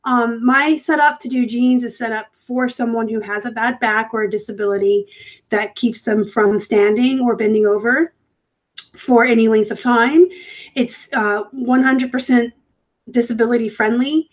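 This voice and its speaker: A woman's voice: a little high, steady tone, normal speed, rough recording. Chatty woman hosting a live stream. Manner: chatty and rambling, with frequent fillers and self-corrections. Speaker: host of a live reselling show. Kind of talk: casual live-stream chat. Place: home room set up for work.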